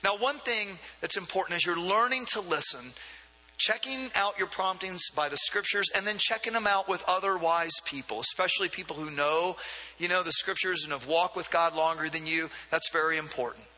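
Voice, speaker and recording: High bright-voiced male pastor preaching. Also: normal speed. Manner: conversational preaching, many asides and repeated words. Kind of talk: sermon. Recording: long hall reverb.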